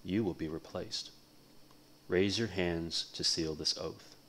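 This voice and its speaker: An ageless, genderless enchanted pen from a storybook delivers its words in a slow, measured, commanding way, as a man reading aloud puts it on. The voice sits very low and deep. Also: a bit bright, slight background noise. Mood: solemn oath.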